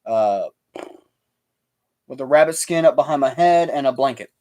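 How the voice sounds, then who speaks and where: A man's voice: medium pitch, expressive, moderate pace, darkish tone. A man hosting a casual livestream chat, telling stories with stumbling restarts. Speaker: livestream host.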